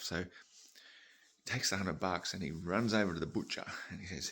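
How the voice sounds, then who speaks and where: A man's voice: low-pitched, normal speed, vocal fry, pauses often, a bit bright, breathy edge. A man, rambling and swearing as he tells a long joke story. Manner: rambling, swears, laughs at own tangents.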